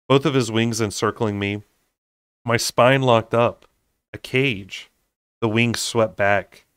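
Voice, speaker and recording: Man reading a novel aloud, low voice. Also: fairly bright tone, clear, resonant tone, dry recording, clean studio sound. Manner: unedited reading with slips and asides. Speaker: audiobook reader.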